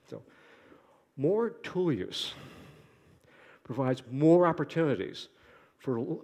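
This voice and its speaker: A male lecturer speaks at a mid pitch, lively and joking as he poses rhetorical questions to his audience. His voice rings with the long reverb of a lecture hall. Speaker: conference lecturer. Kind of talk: academic conference talk.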